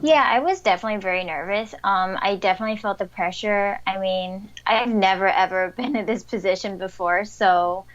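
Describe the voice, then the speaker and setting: Young woman interviewee, upbeat chatty delivery, mid pitch, slightly dull audio. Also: moderate pace, hardly any pauses. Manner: chatty, upbeat, frequent fillers and laughs. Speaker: interviewed athlete. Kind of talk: casual interview answers.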